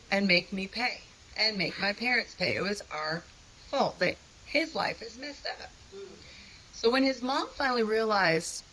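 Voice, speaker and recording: A woman's voice: mid-range voice, sharp tone, slight background noise, rough recording. A woman telling her own story of a hard time in an earnest, conversational, self-deprecating way. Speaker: guest sharing a personal testimony. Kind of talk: candid personal storytelling.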